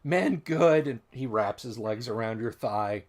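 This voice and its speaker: A man's voice: lowish voice, little pitch movement, moderate pace. A man running a tabletop game as game master, describing the scene with frequent restarts.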